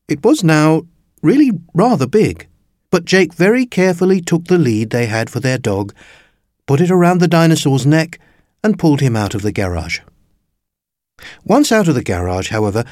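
Man, storybook reader, playful, animated intonation, mid pitch. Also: no echo, studio quality. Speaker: narrator. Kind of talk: reading a children's story aloud.

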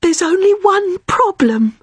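A woman's voice: extremely high pitch, animated, a little slow, dry recording, studio quality, voice pushed up. A woman voicing a young woman who is afraid of spiders and shrieks in panic. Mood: uneasy.

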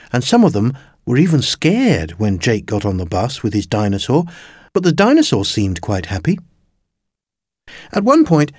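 A man reading a children's story aloud in an expressive, playful way. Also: medium pitch, no echo, studio quality. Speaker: narrator.

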